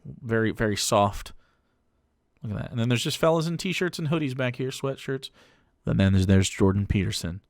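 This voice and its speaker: A man's voice: mid-range voice, normal speed, a little mellow, no echo, clean studio sound. A man streaming live who mocks a clip in casual, profane commentary. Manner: mocking, profane, swings between jokes and asides.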